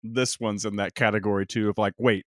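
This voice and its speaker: A young man co-hosting a movie podcast, playful with quick quips. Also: fairly low pitch, flat delivery, a bit bright, no echo, clean studio sound. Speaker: podcast co-host. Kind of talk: casual movie podcast chat.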